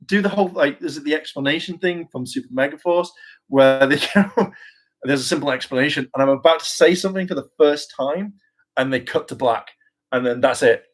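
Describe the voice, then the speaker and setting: A man's voice: on the high side, animated, a little fast, a bit bright. A man chatting casually in a fan vlog, rambling and hesitant with many fillers and restarts, and eagerly enthusiastic. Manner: enthusiastic, often laughing. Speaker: YouTuber discussing a TV franchise.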